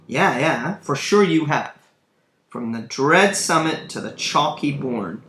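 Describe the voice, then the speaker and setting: A man voicing a young nobleman disguised as a peasant, in a high, loud put-on rustic accent. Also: animated, slow pace, full character voice. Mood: urgent, exclaiming. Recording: roomy room, faint background hum.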